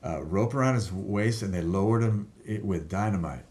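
A man telling a personal story in casual talk, animated, laughing at times and swearing freely. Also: low-pitched, moderate pace. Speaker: guest telling a life story.

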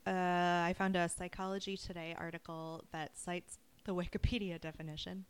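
A woman co-hosting a podcast in casual chat, describing things slowly and deliberately. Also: lowish voice, level tone, clean tone. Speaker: podcast co-host.

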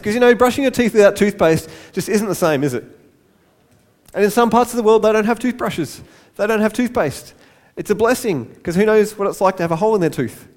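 High-voiced man preaching a sermon. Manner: light-hearted, self-deprecating asides. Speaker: pastor.

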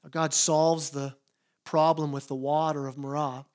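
A man with a fairly high voice preaches a sermon to his church. He sounds earnest and often stumbles over repeated words as he drives a point home. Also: flat delivery, measured pace, darkish tone. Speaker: pastor.

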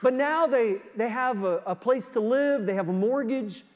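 A male pastor preaching a sermon, telling stories in an animated way and often stumbling over repeated words. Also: extremely high pitch, moderate pace. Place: church sanctuary. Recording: long church hall reverb.

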